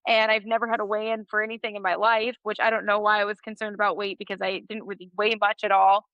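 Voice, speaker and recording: A woman's voice: mid-range voice, flat delivery, fast, no room sound, dull audio. A woman in her thirties, a podcast guest, telling a story in a casual interview and laughing often.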